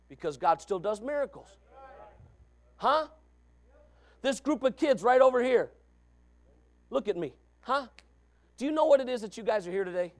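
Impassioned high-voiced male preacher. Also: very animated, a little fast, pauses often. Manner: impassioned preaching, swings from quiet to shouting; folksy, repeats phrases. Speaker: pastor. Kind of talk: sermon.

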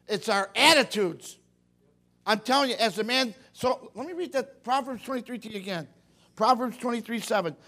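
A middle-aged man preaching a sermon in a folksy, animated way, acting out little quotes. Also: sits high, normal speed.

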